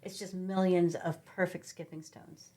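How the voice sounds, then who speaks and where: A woman from Sacramento, middle-aged, speaks in a low register. As a podcast guest she tells loose, animated anecdotes, with plenty of ums and restarts. The talk is relaxed and conversational. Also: unhurried. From Sacramento, California. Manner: rambling, animated travel anecdotes with many fillers. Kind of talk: casual conversational storytelling.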